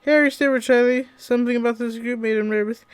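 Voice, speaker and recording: A woman's voice: fairly high pitch, fairly even intonation, quick pace, smooth, dry recording. A woman co-hosting a comedy podcast, playfully reading a silly fan story aloud. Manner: playful, giggly.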